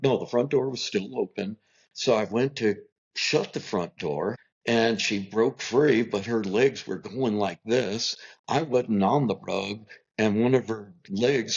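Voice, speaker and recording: A middle-aged man, a podcast guest, telling a long family story in an animated way and acting out what people said. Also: medium pitch, husky. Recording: dull lo-fi recording.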